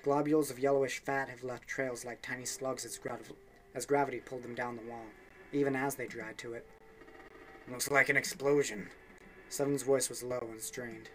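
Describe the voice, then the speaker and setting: A man's voice: mid-range voice, level tone, brisk, soft background music. A young man reading a game's story text aloud for a let's play, with offhand asides and small slips.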